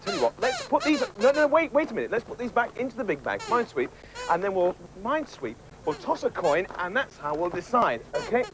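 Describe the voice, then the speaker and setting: A man presenting a children's TV show, cheerfully coaxing and chatting to puppets in a lively scripted way. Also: sits high, fairly quick, noisy background.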